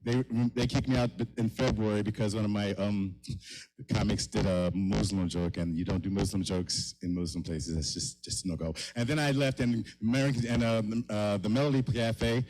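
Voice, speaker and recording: A man's voice: fairly low pitch, steady tone, normal speed, a little mellow, low-quality recording. Rambling self-mocking comedy show host man. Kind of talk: live stand-up hosting. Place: kava lounge comedy stage.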